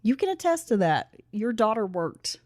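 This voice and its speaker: A woman with a fairly high voice co-hosts a casual podcast, reading listener stories and teasing her partner with frequent laughs. Her voice is recorded close and dry, with no room sound. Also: big pitch swings, moderate pace, a little mellow, no room sound. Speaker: podcast co-host.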